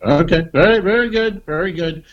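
Dry rambling podcast host, lo-fi. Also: male voice, high-pitched, moderate pace. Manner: dry, meandering, many fillers. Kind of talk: casual banter.

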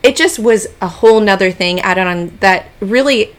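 A woman's voice: mid-range voice, unhurried. A woman, telling a travel story in a casual podcast chat and often calling her listeners y'all. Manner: chatty, animated, addresses listeners as y'all. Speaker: podcast co-host.

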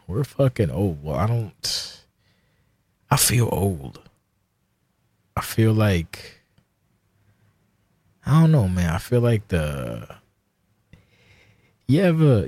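A man in his forties hosts a casual solo podcast, rambling, swearing, and poking fun at himself. His voice is low and darkish in tone, and the recording is dry.

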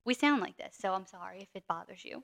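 A woman's voice: medium pitch, animated, vocal fry. A woman in her twenties from New Orleans with a New Orleans accent, co-hosting a podcast in a chatty, giggly manner. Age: 20s. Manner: chatty, giggly, quick back-and-forth. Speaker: podcast co-host. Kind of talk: casual chat.

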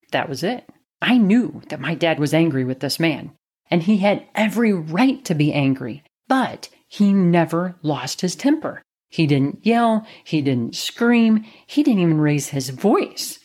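A woman's voice: fairly low pitch, darkish tone. A woman telling a personal childhood story in an earnest, reflective way, then drawing advice from it, with occasional "you know" fillers. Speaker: speaker giving life advice.

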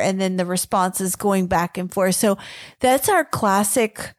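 A woman co-hosting a Christian marriage podcast, telling a story in a casual, animated way and acting out quoted lines. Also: medium pitch, a little slow, dry recording, studio quality. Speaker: podcast co-host.

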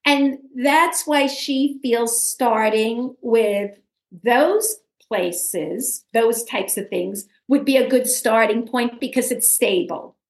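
A woman's voice: a little high, slow pace, echoey room. A woman host with a New York accent, chatting in an interview and hesitating with ums while she searches her notes. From Brooklyn. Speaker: podcast host. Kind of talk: casual interview chat.

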